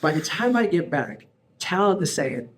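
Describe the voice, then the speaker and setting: A man in his forties hosting a casual podcast chat, telling stories in an animated, slangy way and calling people bro and dude. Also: on the high side, moderate pace, a little hiss or hum. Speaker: podcast host.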